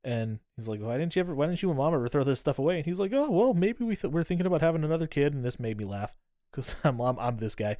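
A man in casual podcast talk, retelling a film and slipping into the characters' lines with a laugh. His voice sits at an ordinary middle pitch. The sound is dry and close, with no room behind it. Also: animated, rapid-fire, warm tone, no echo. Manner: retells scenes acting out lines, laughs often, swears. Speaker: podcast co-host. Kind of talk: casual movie recap chat.

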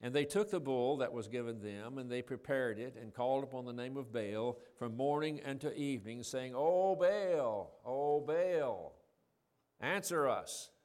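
A man's voice: mid-range voice, fairly quick, few pauses, darkish tone, clean tone. Man preaching conversationally from scripture. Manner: conversational, asks the audience questions; reads scripture quotes in a raised voice. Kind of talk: sermon reading and explaining scripture.

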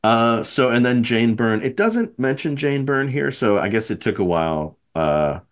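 A man's voice: mid-range voice, sing-song, moderate pace. A man hosting a podcast in casual chat, rambling and correcting himself with frequent chuckles. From American Midwest. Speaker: podcast host.

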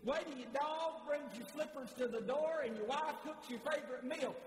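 High-voiced fervent preacher in an echoey church. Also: male voice, moderate pace. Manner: fervent, repetitive, stammering restarts. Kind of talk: sermon. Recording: echoey hall with faint noise.

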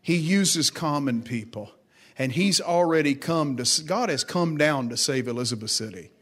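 Preaching man with a higher voice. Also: lively intonation, normal speed. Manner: dramatic rises when quoting God. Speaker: pastor. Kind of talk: sermon.

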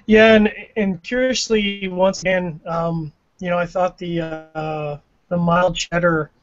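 A man's voice: high-pitched, steady tone, measured pace. A man with a Canadian accent co-hosting a casual tasting chat, musing and self-deprecating. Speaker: co-host of a cigar pairing show. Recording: dull lo-fi audio.

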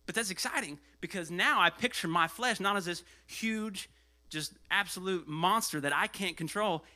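Guy pastor preaching, kinda high bright voice, out of breath, goes loud then hushed. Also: normal speed. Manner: animated, swings between loud and hushed. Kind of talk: sermon.

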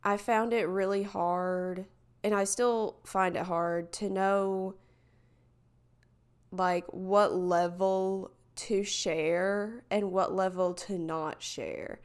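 Solo podcast host, woman; slow, meandering, candid delivery with a smooth, clean voice. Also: mid-range voice, steady tone. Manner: hesitant, rambling, filler-heavy; reflective and candid. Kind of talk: casual solo podcast talk.

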